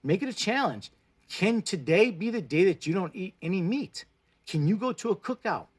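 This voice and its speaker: A man's voice: sits high, sing-song, normal speed, breathy edge. Blunt, swearing man on a livestream. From Mexico. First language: Spanish. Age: 40s. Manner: blunt, swears freely, pep-talk tone. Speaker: plant-based food vlogger. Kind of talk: casual livestream chat. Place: indoors, live stream.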